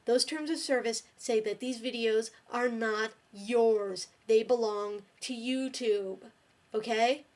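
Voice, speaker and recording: A woman's voice: a little high, slow pace, darkish tone. A woman delivering an exasperated, scolding rant straight to the camera, swearing often. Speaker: video blogger.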